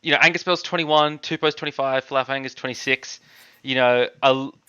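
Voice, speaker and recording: A man's voice: mid-range voice, steady tone, brisk, bright, forceful tone, smooth, dull audio. A man from Australia co-hosting a casual fantasy draft chat, rambling and correcting himself as he picks. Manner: rambling, self-correcting, easily laughs at himself. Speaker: co-host.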